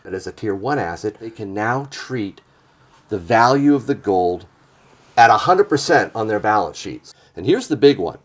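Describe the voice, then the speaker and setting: An older man hosting a chat about gold, talking in a lively, animated way. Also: on the low side, normal speed. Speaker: channel host. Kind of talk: casual chat and commentary.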